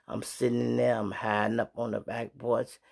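A man's voice: mid-range voice, moderate pace, gravelly. A middle-aged man from Chicago with a Chicago accent, telling street stories to his viewers in slang-heavy casual talk. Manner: animated storyteller acting out sounds and voices.

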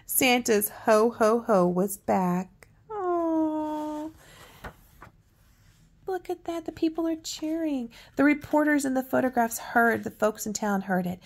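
An older woman reading a picture book aloud at bedtime, with soft, coaxing asides to a child. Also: sits high, lively intonation, a little slow, hardly any pauses. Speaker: storyteller.

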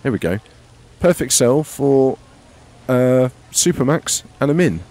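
A man's voice: medium pitch, expressive, measured pace, a little mellow. A man hosting a casual let's-play, rambling, joking and swearing freely as he plays. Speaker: gaming channel host.

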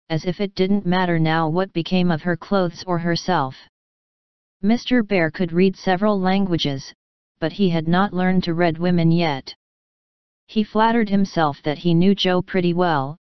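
Calm woman reading a bedtime story. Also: fairly low pitch, clean tone, no room sound. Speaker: audiobook narrator. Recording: dry, slightly dull sound.

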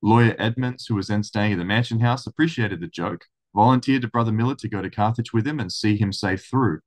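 A man reading a historical account aloud in steady storytelling, then commenting casually. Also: fairly low pitch, a little fast. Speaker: religious study channel host.

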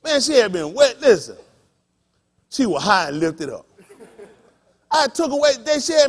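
A man, a pastor, preaching a sermon through folksy personal stories, shouting and laughing as he goes. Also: extremely high pitch, sing-song, measured pace, pauses often. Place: congregation hall.

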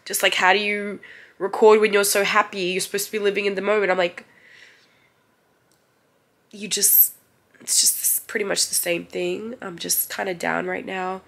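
A woman's voice: mid-range voice, level tone, normal speed, gravelly, pauses often, fairly bright tone. A young woman vlogger talking candidly to the camera, crying through an emotional personal update. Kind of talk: personal vlog confession.

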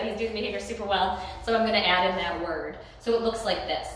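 A woman training her dog, calmly explaining each step and breaking into high-pitched praise for the dog. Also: fast talker, few pauses, a little hiss or hum. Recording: very echoey room.

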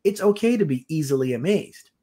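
A man's voice: on the high side, lively intonation, fairly quick, warm tone, slightly rough. A man co-hosting a podcast, talking in a reflective way that drifts onto tangents. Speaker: podcast co-host. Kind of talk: casual podcast chat.

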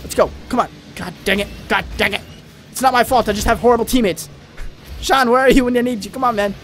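A young man giving excitable let's-play commentary, rambling fast and yelling at his teammates. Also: extremely high pitch, faint music behind. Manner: hyper, rambling, yells at teammates. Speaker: gaming channel host.

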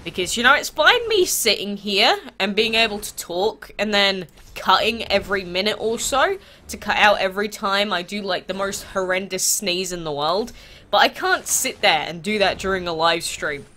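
A congested woman with a stuffy nose from a cold, hosting a mobile game channel in chatty, animated talk full of rhetorical questions. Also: medium pitch, moderate pace. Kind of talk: casual gaming vlog chat.

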